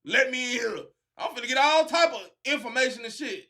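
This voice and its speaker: A man's voice: very high-pitched, expressive, a little fast, bright, forceful tone, full character voice. A man doing a cocky cartel boss. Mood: boastful. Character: cocky male cartel boss bluffing cops.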